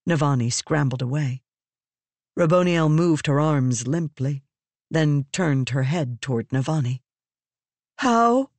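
Brief: measured audiobook narrator, slow delivery, dry close recording. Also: mid-range voice, a little mellow, no room sound. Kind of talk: scripted narration.

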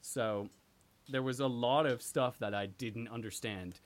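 A man's voice: mid-range voice, measured pace. A man co-hosting a podcast in casual chat, rambling through anecdotes with dry asides. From abroad, came to the UK at sixteen. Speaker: podcast co-host.

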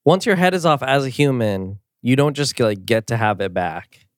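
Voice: mid-range voice, expressive, moderate pace, no room sound, clean studio sound. A podcast co-host in casual chat, rambling and hesitant, with lots of fillers.

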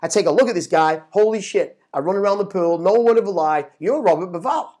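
Excitable storyteller man. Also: high voice, fast talker. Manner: animated, swearing, repeats words when excited. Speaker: guest. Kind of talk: casual storytelling.

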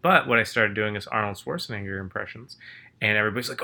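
Fast and lowish, his voice carries vocal fry and a pushed, bright quality. Just up from a nap and still groggy, the man co-hosts a podcast, wandering through stories in casual chat and repeatedly restarting his sentences.

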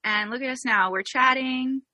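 A woman's voice: high-pitched, moderate pace, sharp tone, no echo. A young Canadian woman hosting a podcast, telling a story in a bubbly, giggly way. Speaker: podcast host. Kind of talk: casual interview chat.

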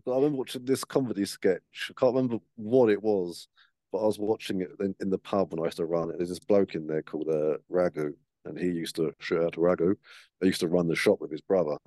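A podcast co-host chats casually, swearing freely and acting out the voices in his stories. His voice sits low, steady, fast, and warm, captured in a dry, studio-quality recording.

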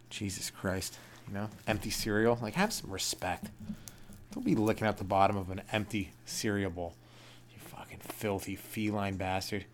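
A young man hosting a solo comedy podcast, rambling and swearing as he acts out other people in high put-on voices. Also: a little hiss or hum. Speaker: podcast host.

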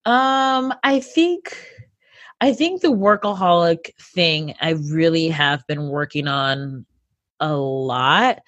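A woman's voice: deep voice, slow, dry recording, muffled recording. A woman in her thirties, a comedian guest, talking casually and animatedly with plenty of fillers. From United States. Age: 30s. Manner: animated, upbeat, lots of fillers. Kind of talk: casual interview chat.

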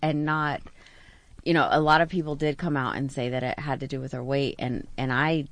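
A woman's voice: a bass voice, fairly even intonation, fairly quick, no echo. A woman guest in a casual podcast chat, speaking hesitantly and restarting her sentences.

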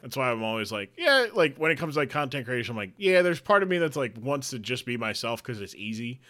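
Bright-voiced laid-back man chatting. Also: mid-range voice, expressive, quick pace. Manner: laid-back, rambling, laughs often. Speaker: podcast co-host. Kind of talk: casual chat.

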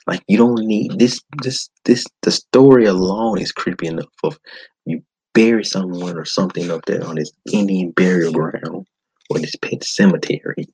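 A man hosting a podcast, giving a blunt, animated movie-review monologue with frequent swearing. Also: deep voice, normal speed, vocal fry, slightly rough, no echo, rough recording. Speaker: podcast host.

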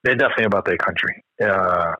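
An American man co-hosting a podcast, chatting casually, animated and slangy with lots of swearing. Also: low voice, fast, breathy edge, no room sound. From United States. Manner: animated, profane, slangy storytelling. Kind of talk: casual chat. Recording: dull, dry, lo-fi sound.

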